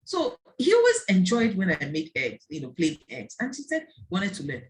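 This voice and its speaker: A woman's voice: lowish voice, normal speed. A woman giving an online talk to parents, telling stories and acting out the voices of the people in them. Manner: lively storytelling, acting out quoted voices. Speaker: parenting speaker. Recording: faint background noise and clicks.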